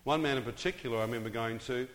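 Racing along in a medium-pitched, fairly bright voice, a man tells his testimony to a live crowd. He draws them in with questions and jokes, recorded in a hall with long reverb.

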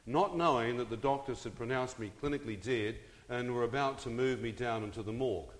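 A man's voice: mid-range voice, brisk. A man giving a storytelling testimony to a live audience, drawing them in with questions and jokes. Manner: engages the crowd with questions and jokes. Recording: hall with long reverb.

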